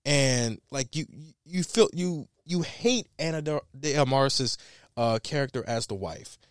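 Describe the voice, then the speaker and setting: A man hosting a casual film review, talking in a loose, animated way with frequent laughs and swearing. His voice sits at an ordinary middle pitch. The recording is dry and close with no room echo. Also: a little slow. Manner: animated, laughing, profane, trailing restarts. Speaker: podcast host reviewing a film. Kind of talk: casual chat.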